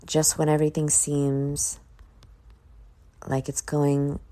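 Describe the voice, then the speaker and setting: A woman's voice: sits low, monotone, takes it slowly, warm tone. A sleepy, yawning woman hosting her own podcast, rambling and motivational, swearing now and then. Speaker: podcast host. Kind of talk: casual solo podcast monologue.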